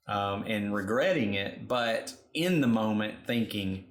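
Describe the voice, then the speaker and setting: Gravelly low-voiced man, reflective chat. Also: moderate pace, few pauses, roomy sound. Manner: reflective, thinks aloud with many fillers. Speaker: podcast co-host. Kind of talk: casual chat.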